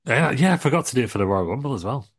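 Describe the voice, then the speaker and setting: A man's voice: medium pitch, expressive, rapid-fire, creaky, breathy edge. A man co-hosting a podcast, chatting casually and joking at his own expense. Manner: self-deprecating, laughs easily. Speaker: podcast co-host. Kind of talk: casual chat.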